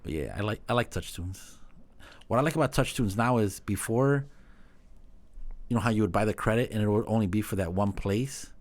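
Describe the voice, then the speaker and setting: Quick-talking low-voiced club owner guest. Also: male voice. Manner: easygoing anecdotes, lots of "like". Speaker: podcast guest, bar and nightclub owner. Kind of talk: casual storytelling chat.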